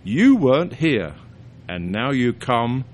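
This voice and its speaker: A British man hosting a podcast in a casual, jokey, animated way. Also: medium pitch, slow pace, a little hiss or hum. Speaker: podcast host.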